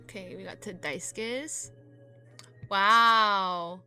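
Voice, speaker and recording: A woman reacting casually to photos, rambling and full of fillers, gushing with excitement. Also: medium pitch, extremely slow, clean tone, faint music behind. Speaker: K-pop reaction vlogger.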